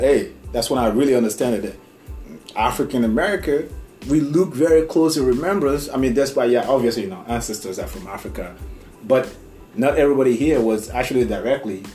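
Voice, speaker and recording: A man from Nigeria with a Nigerian accent, telling stories in a rambling, animated casual chat and laughing often. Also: medium pitch, brisk. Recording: echoey room, faint music.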